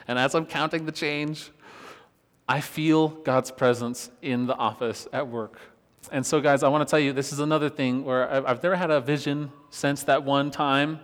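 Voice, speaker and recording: A worship pastor telling a personal story in a relaxed, conversational sermon, laughing often as he talks. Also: fairly high pitch. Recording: long reverb of a church hall.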